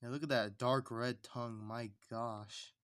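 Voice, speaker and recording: A man's voice: mid-range voice, steady tone, measured pace, fairly bright tone, clear, resonant tone, dry recording. Rambling male streamer. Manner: rambling, chatty self-talk. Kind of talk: casual livestream chat.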